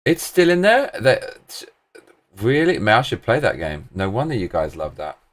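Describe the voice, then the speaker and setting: A man's voice: lowish voice, very animated, moderate pace, fairly bright tone. A British man hosting a live stream, rambling casually with plenty of swearing and slang.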